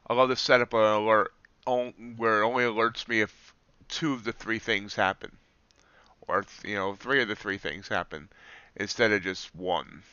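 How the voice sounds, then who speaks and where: A man's voice: on the low side, sharp tone, clean tone, no echo, muffled recording. A man live-streaming his trades, chatting casually and joking at his own slips as he explains the charts. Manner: chatty, self-deprecating, explains trades while watching charts.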